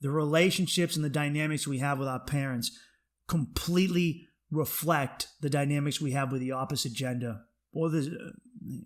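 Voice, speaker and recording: A man, a stand-up comic, hosting his podcast with a blunt, profane, rambling comedy monologue. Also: medium pitch.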